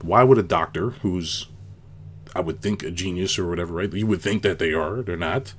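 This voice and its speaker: A man's voice: low-pitched, normal speed, husky. A man hosting his own video channel, talking casually and at length, firing off rhetorical questions, tacking "right?" onto his points and repeating himself for emphasis. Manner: rambling, with many rhetorical questions and tag "right?". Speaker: business consultant and video host. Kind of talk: casual spoken commentary to camera.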